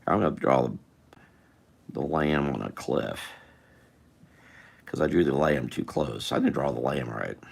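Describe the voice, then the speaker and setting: Gravelly deep-voiced man chatting while drawing. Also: animated, a little slow, long pauses. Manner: chatty, thinking aloud, talks to chat viewers. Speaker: artist drawing live for viewers. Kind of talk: casual rambling chat while drawing.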